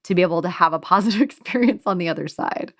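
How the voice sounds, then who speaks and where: A woman hosting a podcast and working as a doula, speaking in an animated, affirming way and laughing easily. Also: lowish voice, fast talker. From United States. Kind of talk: conversational interview.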